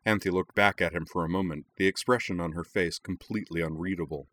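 Deep-voiced man reading a story. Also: fairly even intonation, quick pace, a bit bright. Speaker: narrator. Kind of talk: audiobook reading of fan fiction.

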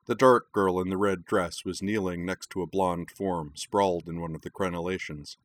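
A man narrating fiction in a steady, even storytelling manner. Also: low voice, moderate pace. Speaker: audiobook narrator.

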